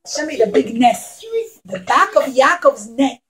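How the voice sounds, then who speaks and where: A woman telling a puppet show story to young children, animated and talking straight to them. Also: fairly high pitch, measured pace, crowd noise, poor audio.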